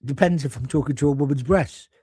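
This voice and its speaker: A man's voice: medium pitch, fast talker, dark tone, husky, dry recording, clean studio sound. An older man hosting a live-stream chat show, telling rambling jokey anecdotes with self-mocking asides and reading out viewer comments.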